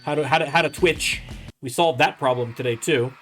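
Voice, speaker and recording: A man's voice: on the high side, a little fast, fairly bright tone, faint music behind. A young Canadian man hosting a casual let's-play, rambling and joking as he plays. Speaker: gaming channel host.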